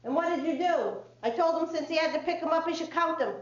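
A woman with a high voice tells a story to a live audience, acting out each line of dialogue with lively energy. The sound is roomy and a little dull, as if picked up in a hall with faint background noise. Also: fast. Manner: animated, acts out dialogue. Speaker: speaker on child behavior.

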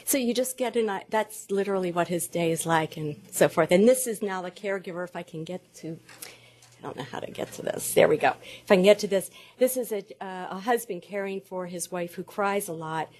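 A woman researcher giving a lecture presentation. She cites statistics in a measured way and pauses now and then to work her slides. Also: fairly low pitch, darkish tone. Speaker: dementia care researcher presenting.

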